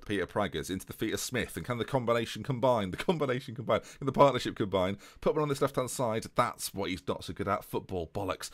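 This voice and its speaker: A man's voice: on the low side, quick pace, few pauses, a bit bright, dry recording. A young man giving chatty, jokey play-by-play commentary on a football management game.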